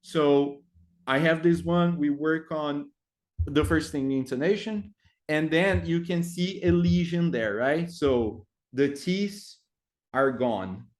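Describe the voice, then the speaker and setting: Male teacher trainer, somewhat high voice, halting delivery full of fillers. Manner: hesitant, many fillers, frequent tag "right?". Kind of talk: explaining classroom activities.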